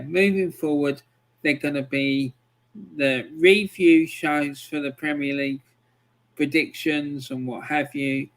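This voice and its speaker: A man's voice: fairly high pitch, fairly bright tone. A man hosting a live stream, chatting casually with viewers and rambling with frequent ums as he reads out their messages.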